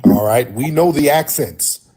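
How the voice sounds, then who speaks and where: A man's voice: mid-range voice, measured pace, warm tone, husky. A man hosting a call-in livestream, talking in an emphatic way and repeating his points for his listeners. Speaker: host.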